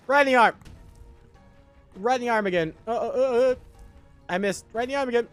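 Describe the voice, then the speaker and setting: A man's voice: very high voice, moderate pace, pauses often, no room sound, faint music behind. A young man streaming a game live, joking about himself and chatting with his viewers. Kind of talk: live gameplay chat.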